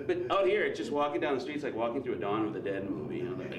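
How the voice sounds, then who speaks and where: A man from Wisconsin with a Wisconsin accent doing a stand-up comedy set on a club stage, wry and self-deprecating, with quick asides to the crowd. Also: medium pitch, expressive, far from the mic. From Wisconsin, USA. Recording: roomy live stage sound from off-mic. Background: audience laughter.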